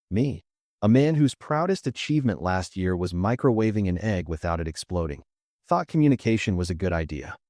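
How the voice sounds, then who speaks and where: A man's voice: fairly low pitch, darkish tone, dry recording. A young man narrating a scripted comic story in a dry, sarcastic way.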